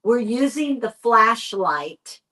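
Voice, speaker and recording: Slow-talking Texan woman telling a ghost story. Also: on the high side, poor audio. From United States. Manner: animated retelling, acting out quoted dialogue. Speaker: guest paranormal investigator. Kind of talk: storytelling in a podcast interview.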